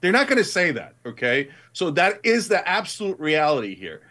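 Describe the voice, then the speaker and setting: A man's voice: high-pitched, sing-song, normal speed, pushed and bright. A middle-aged man in a heated political debate, emphatic and passionate, rising to indignant outbursts. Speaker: guest commentator.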